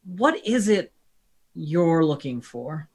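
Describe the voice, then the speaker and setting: A man's voice: on the high side, very animated, slow pace, crowd noise. A man playing a tabletop game, speaking partly in character, earnest and polite, keeping the group on task. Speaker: player.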